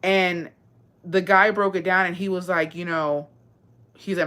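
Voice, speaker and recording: A woman with a slightly low-pitched voice, talking in a loose, casual chat. She is blunt and profane, sprinkling Spanish phrases into her talk. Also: steady tone, normal speed, fairly bright tone.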